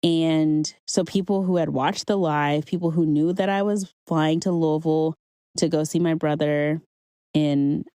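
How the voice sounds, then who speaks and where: Low-voiced woman sharing earnest testimony. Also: steady tone, measured pace, mellow, smooth, dry recording. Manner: earnest, conversational, faith-centered encouragement. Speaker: podcast host. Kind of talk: personal testimony monologue.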